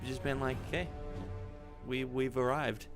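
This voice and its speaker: A man's voice: medium pitch, little pitch movement, a little slow, music in the background. A man co-hosting a casual reaction stream, laid-back and agreeable, laughing along with his friend. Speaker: co-host.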